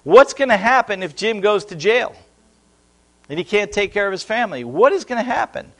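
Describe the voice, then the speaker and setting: A middle-aged man preaching a sermon, telling a lively story and asking the congregation questions in a church. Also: high voice, moderate pace. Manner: animated storytelling, talks to the congregation.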